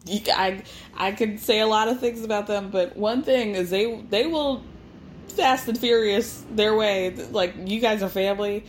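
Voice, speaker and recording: A woman hosting a podcast, giving a casual, chatty recap of a reality show with sarcastic asides and quotes acted out in her own voice. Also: medium pitch. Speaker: podcast host.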